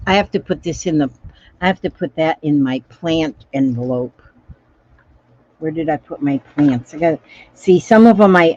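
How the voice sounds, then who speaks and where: A woman's voice: deep voice, darkish tone, no echo, lo-fi sound. A woman chatting casually through a crafting livestream, repeating little phrases to herself as she works. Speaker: craft vlogger reading live comments.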